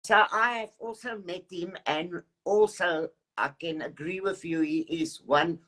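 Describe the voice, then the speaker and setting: A woman with a low voice asks her questions in a halting, nervous way and fills pauses with "um." She sounds friendly and eager on a video call. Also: a bit bright. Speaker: interviewer. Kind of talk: casual interview.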